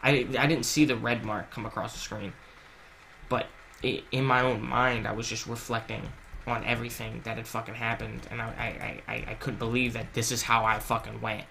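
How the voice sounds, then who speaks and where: A man's voice: medium pitch, flat delivery, moderate pace, creaky, bright, forceful tone, faint music behind. A man casually narrating a personal story while playing a game, swearing a lot and restarting his sentences, earnest and confessional. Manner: casual, heavy swearing, many fillers and restarts. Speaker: gaming channel host.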